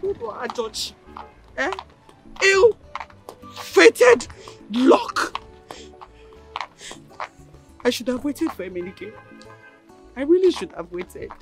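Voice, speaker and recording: An actress with a Nigerian accent playing a defiant widow who shouts back at her brother-in-law. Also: sits high, huge pitch swings, takes it slowly, long pauses, faint music behind, exaggerated voice. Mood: regretful. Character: defiant young widow, unhappily remarried.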